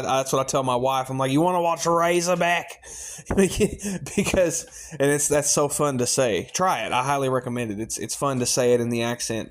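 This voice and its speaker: A middle-aged man hosting a film review show, talking casually and rambling with lots of fillers and restarts. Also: medium pitch.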